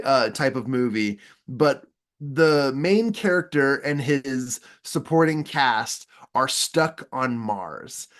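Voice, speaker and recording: A man giving a self-improvement training talk, earnest and enthusiastic, with frequent restarts as he tells stories. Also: mid-range voice. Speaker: personal development trainer.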